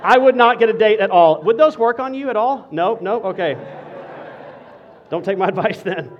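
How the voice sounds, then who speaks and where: Pastor, male, high voice, playful animated preaching, slightly dull lo-fi sound. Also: normal speed, some chatter behind, slight background noise. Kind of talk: sermon with humor.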